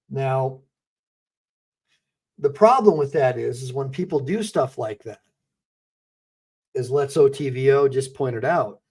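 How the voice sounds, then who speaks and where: A man's voice: mid-range voice, a little mellow. A middle-aged man hosting a livestream, talking emphatically to his viewers, often repeating himself and preaching. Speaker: attorney and channel host.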